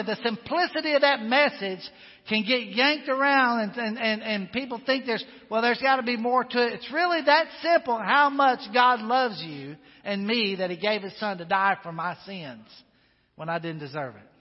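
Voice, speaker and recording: Preaching with earnest emphasis, a high-voiced male pastor fills a church sanctuary where every word echoes at length. The audio is dull and muffled.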